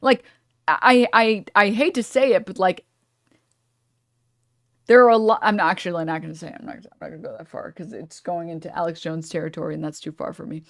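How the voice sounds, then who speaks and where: A woman's voice: lowish voice, steady tone, fairly quick, no echo, clean studio sound. Profane rambling woman streamer. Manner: profane, rambling, self-interrupting. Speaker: streamer reacting to clips. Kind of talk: casual reaction commentary.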